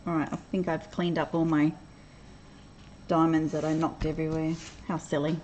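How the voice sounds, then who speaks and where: A woman's voice: low voice, little pitch movement, moderate pace, a little mellow, lo-fi sound, slight background noise. A middle-aged woman from Australia with an Australian accent, chatting casually on a livestream, reading viewers' comments aloud and laughing often. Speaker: livestream host.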